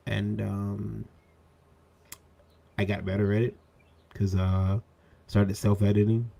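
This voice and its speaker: A comic book creator speaking on a panel in a hesitant way, with many fillers. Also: male voice, fairly low pitch, little pitch movement, slow pace, gravelly, warm tone. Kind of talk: casual panel talk.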